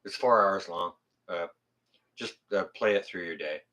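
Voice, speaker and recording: Low-pitched and sharp-toned, he keeps a measured pace as he chats with his livestream audience and reads their comments. As host of his own YouTube channel he's frank and swears a lot, and his delivery rambles and self-corrects.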